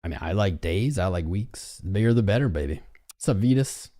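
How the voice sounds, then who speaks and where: A man with a lowish voice that jumps around a lot, hosting a live trading stream. He hypes up his chat and reels off viewer names in quick succession. His talk swings between loud bursts and low asides. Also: expressive. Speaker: livestream host.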